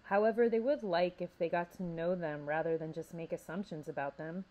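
A woman librarian reading a story aloud with a steady, expressive delivery. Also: fairly low pitch, a little fast, poor audio. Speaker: youth services librarian.

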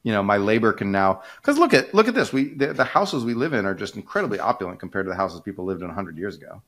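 A man's voice: fairly low pitch, sing-song, fast, fairly bright tone. A man hosting a podcast, explaining economics in a casual, rambling way, full of fillers and restarts.

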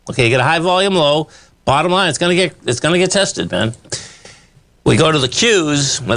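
A man's voice: medium pitch, fairly bright tone. A man hosting live stock market commentary over charts, talking in a rambling, emphatic, folksy way, full of "okay" and "bottom line". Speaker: market analyst host.

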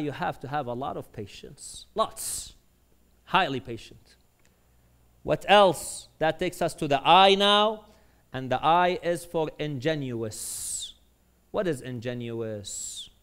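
A man delivering a sermon as imam, climbing to loud, high bursts while telling stories and dropping low and quiet to make his points. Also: smooth. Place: mosque.

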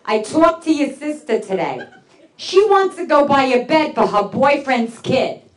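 A nagging mother on the phone coos "babe" over and over in a lower, coaxing tone, as a woman comic puts her on. The sound is echoey and a bit distant in a club. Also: very animated, a little slow. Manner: coaxing, repetitive calling of "babe". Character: nagging Italian-American mother on answering machine.

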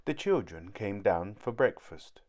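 A man reading a children's storybook aloud, narrating slowly and clearly. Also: on the low side, sing-song, a little mellow.

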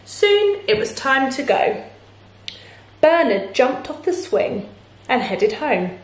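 A woman teacher reading a children's storybook aloud in a playful way, pausing to ask her listeners questions. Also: high-pitched, very animated, a little hiss or hum. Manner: slow, warm, playful, asks listeners questions. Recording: echoey room.

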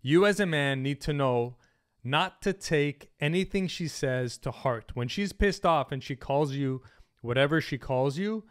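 A man's voice: on the high side, lively intonation, measured pace. A man giving dating advice straight to camera, blunt and emphatic, swearing freely. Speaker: dating coach. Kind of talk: direct-to-camera advice monologue.

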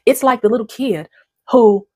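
Husky-voiced woman chatting to camera. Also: on the high side, normal speed, dry recording, clean studio sound. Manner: conversational and digressive, with frequent restarts and repeated words. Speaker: channel host. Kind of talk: casual talking-head commentary.

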